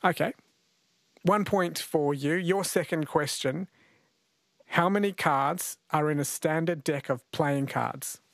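A man's voice: fairly high pitch, slow pace, gravelly, no room sound. Chatty Australian male radio host. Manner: chatty, jokey, laughs often. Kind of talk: radio talk show hosting. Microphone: studio mic.

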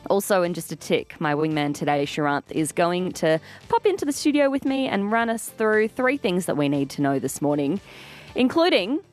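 Lively Australian woman radio host. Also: fairly low pitch. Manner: chatty and playful, laughs easily. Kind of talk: casual radio chat. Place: radio studio. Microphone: studio microphone.

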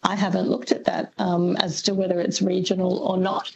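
Gravelly-voiced woman explaining with care. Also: fairly low pitch, monotone, normal speed, muffled recording, a little hiss or hum. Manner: thoughtful, hedging, many ums. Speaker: linguist guest. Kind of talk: radio interview, expert explanation.

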